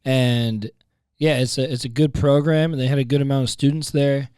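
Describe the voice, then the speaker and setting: Man, youth ministry co-host, easygoing podcast talk, crisp voice, dry close mic. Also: mid-range voice, fairly even intonation, normal speed, warm tone, no echo. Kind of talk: casual podcast chat.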